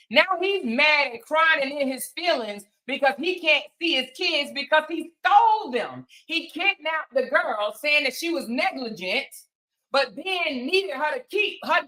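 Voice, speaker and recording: High, bright-voiced woman host, sassy and mocking in her gossip commentary. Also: expressive, unhurried.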